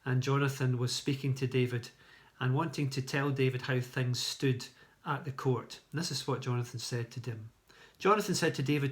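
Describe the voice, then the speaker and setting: Man reading a Bible story, plain and steady. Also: mid-range voice, normal speed. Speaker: church leader.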